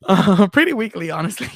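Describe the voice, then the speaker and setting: A man co-hosting a podcast, talking in a relaxed, rambling way and laughing often. His voice sits a little high for a man and has a gravelly fry. He is recorded dry and close, with no room sound. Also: dry recording. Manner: laughs often, loose and chatty with fillers. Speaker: podcast co-host. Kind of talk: casual chat outro.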